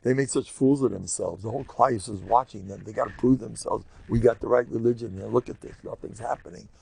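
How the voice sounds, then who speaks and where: An older rabbi who gives a Torah lecture in an animated, jokey storytelling way, full of repetitions. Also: male voice, mid-range voice, quick pace, creaky.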